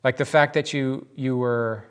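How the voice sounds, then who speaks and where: A man giving informal, emphatic Bible teaching in a lively, conversational way. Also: mid-range voice, a little slow, smooth.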